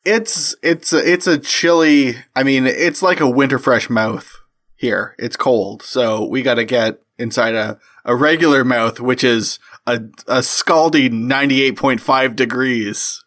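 A man's voice: mid-range voice, a little slow, fairly bright tone. A man hosting a comedy podcast, joking around and running quiz games in casual chat. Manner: goofy, hosts quiz games. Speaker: podcast host.

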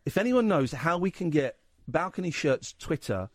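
Animated man hosting radio. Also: on the high side, normal speed, no echo, studio quality. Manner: rambling, animated anecdote-telling with quoted voices. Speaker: radio show host. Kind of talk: casual radio chat, storytelling. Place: radio studio.

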